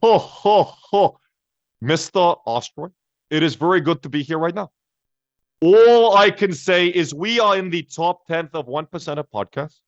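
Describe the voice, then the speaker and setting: A man voicing a fiery elderly male politician in a loud, hectoring, declamatory way. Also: on the high side, measured pace, dry recording, voice pushed up, close to an everyday voice. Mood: rousing. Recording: dry, slightly dull sound.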